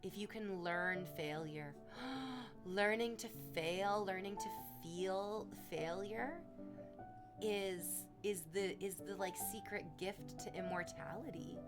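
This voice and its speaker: A young woman streaming, chatting casually with viewers in a rambling, self-mocking way. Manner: rambling and self-mocking, bursts into high squealing excitement over gifted subs.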